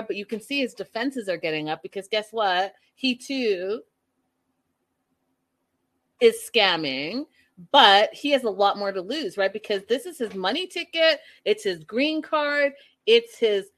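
A woman hosting a casual live-stream recap, chatty and animated, talking straight to her viewers. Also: a little high. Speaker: reality show recap host.

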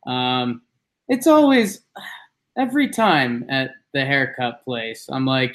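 A man's voice: animated, normal speed, fairly bright tone. A man in casual podcast chat, telling a rambling story and acting out what people said. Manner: rambling storyteller, acts out quotes with jumps in pitch.

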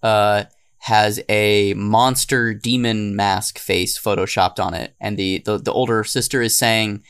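Animated man in casual podcast chat. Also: fairly low pitch, measured pace, smooth. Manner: animated, laughing, loud when acting out meme quotes. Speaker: podcast co-host.

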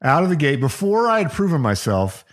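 Animated storytelling man, lively pitch. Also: a little fast. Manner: animated retelling of football stories with quoted voices. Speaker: podcast co-host. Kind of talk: casual chat, storytelling.

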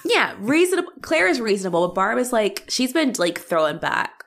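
A woman's voice: a little high, fairly quick. A woman co-hosting a casual talk show, talking animatedly and swearing freely while acting out the people she describes. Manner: animated, profane, acts out quoted characters. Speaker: podcast co-host. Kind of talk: casual chat.

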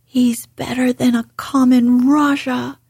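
A woman voicing a fierce, obstinate young girl who snaps back defiantly in a breathy voice. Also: high-pitched, little pitch movement, slow, a little mellow, dry recording, studio quality, exaggerated voice. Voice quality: breathy whisper. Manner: defiant, retorting.

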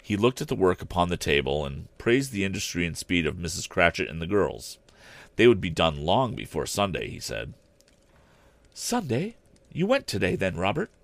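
A man narrating a classic story aloud in an expressive, deliberate reading style. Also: low voice, creaky, no room sound. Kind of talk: audiobook narration.

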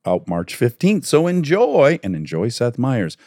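A man's voice: mid-range voice, huge pitch swings, a little slow, a little mellow, no echo, clean studio sound. A man hosting, reading a guest introduction with playful, overemphasized delivery.

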